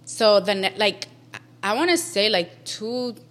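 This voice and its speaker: A woman's voice: medium pitch, expressive, takes it slowly, a bit bright. A woman in her thirties, a podcast guest telling a story in casual chat, who swears freely and slips into Spanish.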